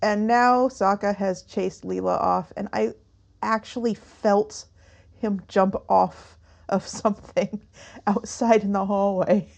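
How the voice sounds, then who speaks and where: A woman's voice: mid-range voice, fairly even intonation, slow pace, gravelly, a little mellow. A woman co-hosting a podcast in casual chat, laughing often as she talks. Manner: giggly, breaks into laughter often. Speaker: podcast co-host.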